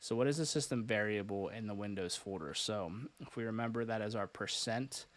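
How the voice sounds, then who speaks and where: A man hosting a live-stream tutorial, talking casually with lots of "uh" fillers and quick self-corrections. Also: on the low side. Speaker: host and cybersecurity instructor.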